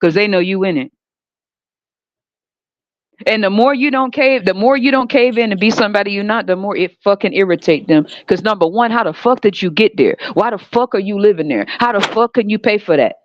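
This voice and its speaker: A woman's voice: mid-range voice, animated, fairly quick, no echo. Woman host, blunt and sarcastic, swearing through a heated rant; dull, dry recording. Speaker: podcast host. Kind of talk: profane ranting monologue.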